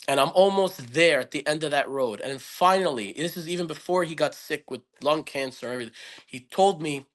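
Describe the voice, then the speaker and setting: This podcast guest's voice is a little high and slightly bright. In a casual interview, he shares a personal story with earnest reflection, wandering and starting over many times.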